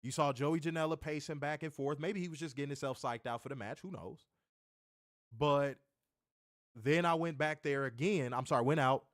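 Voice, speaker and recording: A man's voice: mid-range voice, no echo. Guy on a wrestling recap show rambling through a backstage story, keeps repeating himself, dry close mic.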